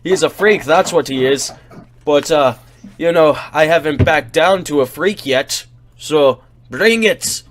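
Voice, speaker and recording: A man voicing a brash, boastful tavern brawler in a tabletop game, loud and taunting. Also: fairly high pitch, expressive, takes it slowly.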